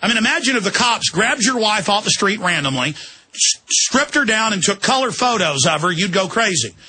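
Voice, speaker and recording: A man's voice: high-pitched, big pitch swings, moderate pace, sharp tone, breathy edge, no echo. A man hosting a talk radio show, speaking emphatically and in an agitated, rambling way. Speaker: radio host.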